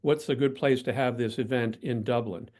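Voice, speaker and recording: An older man, a guest in an interview, telling self-deprecating anecdotes in a reflective, steady way. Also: mid-range voice, moderate pace. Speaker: guest, PR professional. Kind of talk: storytelling in interview.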